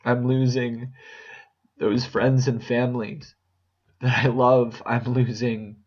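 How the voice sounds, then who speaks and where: Slow, earnest man on a dull recording. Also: medium pitch, little pitch movement, a little mellow. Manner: earnest, halting, repeats phrases as he searches for words. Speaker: vlogger sharing a personal update. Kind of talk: reflective personal monologue.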